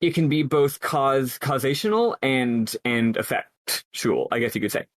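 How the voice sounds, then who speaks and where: In a dry, studio-quality recording, a male podcast co-host discusses a game casually but earnestly. He speaks a little slowly at medium pitch, working through his thoughts aloud at length and restarting frequently.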